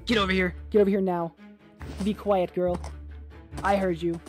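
A woman voicing a menacing rival player who barks orders in a lower, growling tone. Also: little pitch movement, moderate pace, a little mellow, faint music behind, natural voice.

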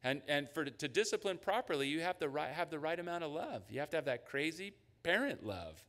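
Animated man preaching in a reverberant church. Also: on the high side, a little fast. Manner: animated, acts out voices of God and listeners. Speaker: pastor. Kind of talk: sermon. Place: church sanctuary.

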